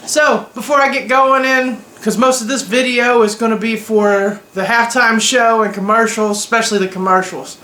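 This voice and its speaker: High-voiced, bright man vlogging reactions. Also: fairly even intonation, normal speed, few pauses, echoey room. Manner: opinionated and joking, slangy. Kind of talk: casual reaction vlog.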